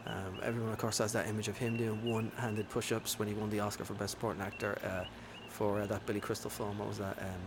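A man's voice: fairly low pitch, flat delivery, fast, few pauses. Man, casual film chat, rambling, lots of fillers, faint background hiss. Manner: enthusiastic, rambling with many fillers. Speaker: podcast co-host.

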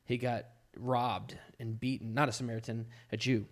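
Casting: male pastor, mid-range voice, relaxed podcast chat, playful streak. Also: medium pitch, normal speed. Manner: playful, slips into goofy put-on accents.

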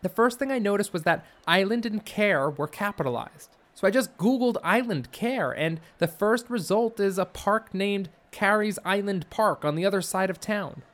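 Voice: mid-range voice, moderate pace, hardly any pauses, fairly bright tone, voice pushed up, lightly acted. A narrator voicing an eager, determined teenage girl who explains things earnestly.

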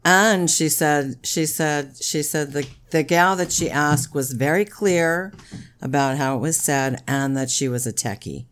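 A woman's voice: low voice, measured pace. A middle-aged woman co-hosting a podcast with her son, chatting casually, teasing and laughing often. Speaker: podcast co-host. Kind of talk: casual chat.

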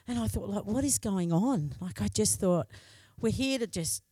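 A woman's voice: medium pitch, animated, normal speed, dark tone, husky, no room sound. Heartfelt Australian woman preaching. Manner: heartfelt, candid storytelling. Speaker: pastor's wife preaching. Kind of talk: personal testimony sermon.

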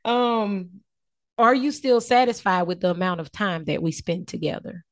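A woman hosts a casual podcast chat, playful and quick to laugh as she questions her guests. Her voice sits at an ordinary middle pitch. The recording is close and dry, with no room sound. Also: fairly even intonation, no echo. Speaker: podcast host.

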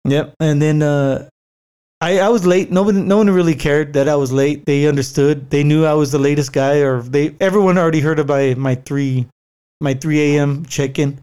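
A man with a somewhat high voice tells a long travel story in a loose, rambling way. He swears freely and fills his talk with "uh" and "like." He restarts his sentences often and laughs easily. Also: steady tone, normal speed, warm tone, clean tone. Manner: rambling, profane, many fillers and restarts. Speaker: traveler recounting a work trip. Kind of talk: casual storytelling chat.

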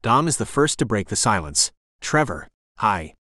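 A man narrating a first-person romance audiobook in a measured storytelling manner, on a close studio mic. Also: on the low side, big pitch swings, pushed and bright, no echo.

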